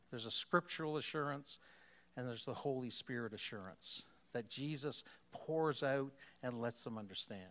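A man preaching a sermon as a pastor, animated, chuckling often and asking rhetorical questions. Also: mid-range voice.

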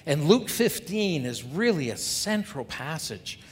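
Measured in pace but with big pitch swings, this man delivers a sermon as a pastor. He discusses scripture in a conversational manner and asks his congregation rhetorical questions, with long hall reverb and faint rumble in the recording.

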